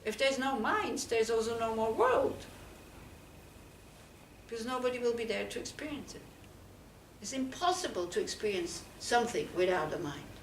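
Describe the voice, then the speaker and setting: A Buddhist nun gives a conversational dharma talk to a small group in a teaching centre room, asking them one question after another and saying "you know" a lot. Her voice is a little high and expressive, at normal speed with long pauses. The recording is echoey, she sits far from the mic, and there's a faint hiss or hum.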